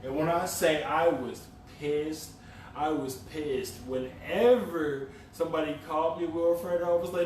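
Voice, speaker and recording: Brief: young male co-host, lively storyteller, slightly high voice, echoey room, mic at a distance. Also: unhurried, a little hiss or hum. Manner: animated storytelling, laughs often, swears casually. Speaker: podcast co-host. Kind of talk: casual chat. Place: room recorded for a live stream.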